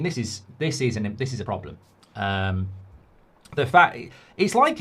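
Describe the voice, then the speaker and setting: A man's voice: medium pitch, a bit bright. A man, a football fan commentator ranting with sarcastic rhetorical questions.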